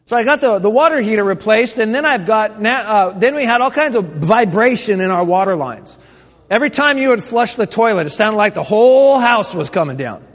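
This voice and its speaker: A man's voice: high voice, lively intonation, fairly quick, fairly bright tone. Pastor guy chatting his way thru a sermon, lots of restarts, big echoey church hall. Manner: conversational storytelling, many restarts. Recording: long hall reverb.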